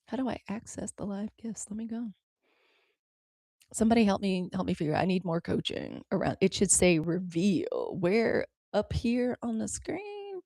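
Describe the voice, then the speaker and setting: An American woman on a live stream, chatting to her viewers and calling them y'all as she feels her way through the app settings. Her voice sits a little high, and the sound is close and dry, with no room around it. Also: animated, moderate pace, darkish tone, no room sound. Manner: chatty, fumbling aloud with app controls, addressing viewers as y'all. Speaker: livestream news host.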